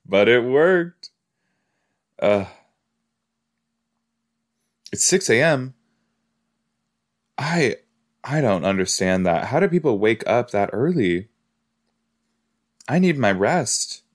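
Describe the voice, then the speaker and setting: A man hosting a podcast, chatting casually as he reacts to a TV episode, easily amused and quick to gasp and laugh. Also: medium pitch, sing-song.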